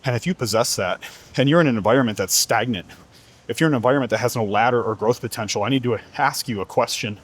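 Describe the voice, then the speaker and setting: A man's voice: medium pitch, fast. A man who is a fitness coach giving an earnest, emphatic motivational talk, repeating rhetorical questions to the listener.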